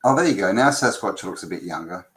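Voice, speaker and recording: A man's voice: low voice, expressive, quick pace, fairly bright tone, low-quality recording. A man around fifty, co-hosting a casual podcast chat with playful, self-mocking jokes. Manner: jokey, self-mocking, tells joke stories. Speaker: podcast co-host. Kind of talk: casual banter. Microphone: headset-free podcast mic, remote call.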